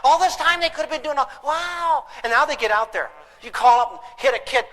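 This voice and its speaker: A man giving a humorous parenting seminar, talking in an animated, theatrical way. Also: very high voice, brisk, hardly any pauses, in a large hall, poor audio. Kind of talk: humorous live seminar talk. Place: lecture hall with an audience.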